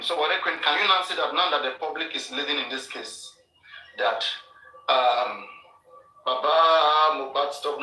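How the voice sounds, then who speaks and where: A man's voice: mid-range voice, bright, forceful tone. A man, hosting a live online show and prompting his guest with questions. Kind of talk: live stream interview. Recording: echoey room, distant mic.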